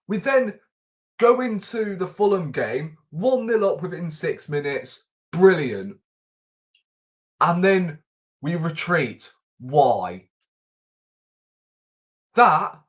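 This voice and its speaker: A man ranting on a live stream as a football fan host, exasperated and incredulous, firing rhetorical questions at the camera. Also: a little high. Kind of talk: live-stream match reaction rant. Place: at home in front of a camera.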